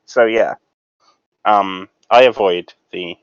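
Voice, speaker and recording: A man playing a tabletop role-playing game, speaking slowly and hesitantly with many ums. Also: deep voice, clear, resonant tone, no echo. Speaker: player. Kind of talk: casual tabletop play. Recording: dull dry lo-fi mic.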